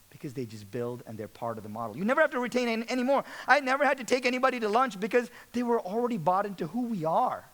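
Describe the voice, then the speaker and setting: Male keynote speaker with a high voice, energetic and conversational, peppers the audience with questions. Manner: energetic, repeats words, asks audience questions. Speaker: speaker addressing real estate managers. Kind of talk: motivational business talk.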